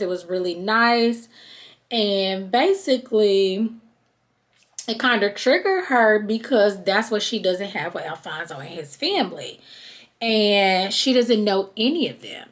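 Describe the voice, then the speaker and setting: A woman with hosts a podcast, recapping a reality show in a loose, chatty way. She keeps slipping into the voices of the people she describes. Her voice sits in a middle range. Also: mid-range voice. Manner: chatty and animated, acts out quoted people. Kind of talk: casual recap chat.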